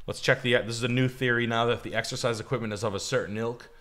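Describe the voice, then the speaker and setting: A man's voice: mid-range voice, fairly even intonation, fast talker, bright, forceful tone. A man co-hosting a livestream, rambling and profane as he gives blunt opinions on houses and cars. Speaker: co-host. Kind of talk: livestream casual chat.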